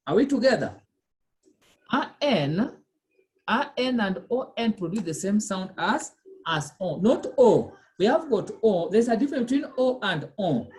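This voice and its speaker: This woman's mid-pitched, rather dark voice carries a faint hiss or hum as she runs an online French pronunciation lesson. She patiently repeats sounds and checks that her students are following along.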